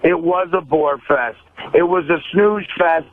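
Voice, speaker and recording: A brash, foul-mouthed man calls in and argues over a thin, tinny phone line. His voice sits high for a man and he keeps pushing over whoever talks. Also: a little slow. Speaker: caller to a sports radio show. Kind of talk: heated call-in argument. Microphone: phone call.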